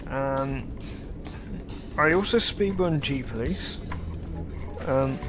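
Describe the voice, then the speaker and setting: A man casually commenting on a game he is playing, hesitant and full of ums. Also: mid-range voice. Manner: hesitant, many ums, drawn-out pauses. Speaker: let's play host. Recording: loud game music under voice. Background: game music.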